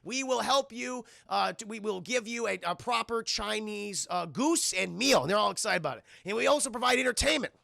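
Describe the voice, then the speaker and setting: A man's voice: sits high, sing-song, racing, gravelly, few pauses, sharp tone, no room sound, clean studio sound, pitched above the performer's own voice, exaggerated voice. A man voicing an eager, overly polite restaurant owner welcoming customers.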